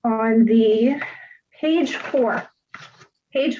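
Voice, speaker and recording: A woman representing herself in a court hearing, politely and deliberately reading out legal filings and making her argument. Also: a little high, fairly even intonation, darkish tone, dull audio, a little hiss or hum. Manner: polite, deliberate, reads legal text aloud. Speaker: self-represented parent in court.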